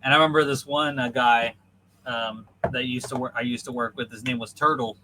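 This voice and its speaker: A man's voice: medium pitch, steady tone, brisk, noisy background. A man hosting a podcast over a video call, telling a story in a rambling way full of ums and likes. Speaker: podcast host. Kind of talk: casual storytelling chat.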